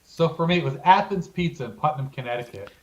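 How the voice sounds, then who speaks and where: High-voiced man on a slightly muffled mic. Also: a crowd in the background. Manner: excitable, relishing food talk with drawn-out exclamations. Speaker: podcast co-host. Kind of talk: casual chat.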